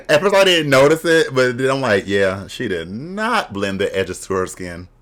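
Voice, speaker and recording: A man's voice: medium pitch, very animated, normal speed, a bit bright. A man hosting a casual reaction video, talking candidly and bluntly with bawdy jokes and frequent laughter. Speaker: drag reaction video host.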